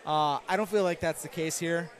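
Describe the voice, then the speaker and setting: A man's voice: a little high, fairly even intonation, normal speed. A man giving casual live commentary on an arcade golf game, chatty and analytical, with self-deprecating asides and many fillers, in a noisy bowling alley.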